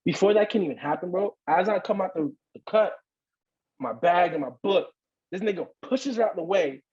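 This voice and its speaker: A man who is a podcast guest, telling a story in casual chat, animated and slangy and swearing a lot. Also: high-pitched, moderate pace, slightly rough, highs cut off.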